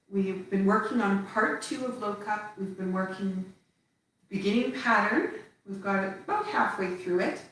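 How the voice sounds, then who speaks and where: A woman teaching a tai chi class, calmly cueing each movement step by step with the odd laugh. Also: mid-range voice, a little hiss or hum. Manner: slow calm cueing of movements, occasional laughs. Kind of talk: live online movement class. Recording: echoey room, speaker far from the mic.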